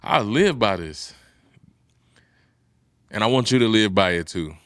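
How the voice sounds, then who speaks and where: Fired-up motivational man, bright and intense. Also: lively intonation, a little slow, clean tone, no echo, studio quality. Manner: preachy, swings from low and quiet to loud and high. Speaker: podcast host. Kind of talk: motivational podcast talk.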